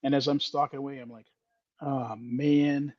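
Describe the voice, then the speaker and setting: A man telling a story in a self-deprecating way on a podcast, lively and candid. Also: mid-range voice, normal speed, no echo, muffled recording. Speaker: podcast guest, Freemason author. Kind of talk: casual storytelling conversation.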